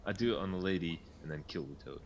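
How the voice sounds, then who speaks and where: Deep-voiced rambling game player man. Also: fast. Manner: rambling, many fillers, laughs easily. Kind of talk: casual tabletop chat.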